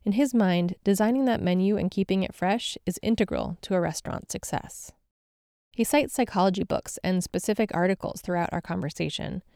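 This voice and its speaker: A woman hosting a podcast, giving a measured, scripted narration. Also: medium pitch, vocal fry, dark tone, dry recording, studio quality.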